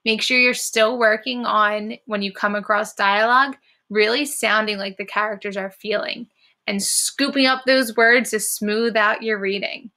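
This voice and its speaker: A woman teacher reading a storybook aloud to children, encouraging them and pausing to talk about the characters' feelings. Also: medium pitch, fairly even intonation. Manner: encouraging, warm praise to young listeners.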